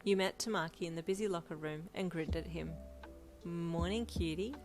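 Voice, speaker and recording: Woman narrating a story, low voice. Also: steady tone, fast talker, soft background music. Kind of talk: reading fan fiction aloud.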